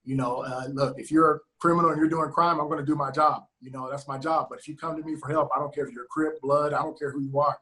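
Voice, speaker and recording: A man's voice: fairly high pitch, steady tone, fast talker, hardly any pauses, pushed and bright, rough recording. Earnest man telling a street story. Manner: earnest, emphatic, acts out quoted dialogue. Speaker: sheriff's deputy guest. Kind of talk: heartfelt storytelling. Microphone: video call.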